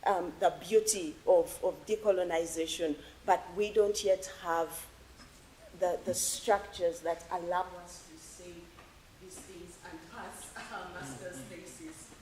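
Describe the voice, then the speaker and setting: A woman from Uganda asking an earnest, emotional question at an academic forum in a lecture hall, with halting restarts. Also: on the low side, fairly even intonation, warm tone, a little hiss or hum. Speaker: audience member asking a question.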